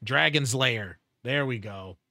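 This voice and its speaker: A man's voice: medium pitch, takes it slowly, bright, forceful tone, a little hiss or hum. A man streaming a game live, chatting casually in a rambling, sidetracked way with many fillers. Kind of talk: casual gaming chat. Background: game music.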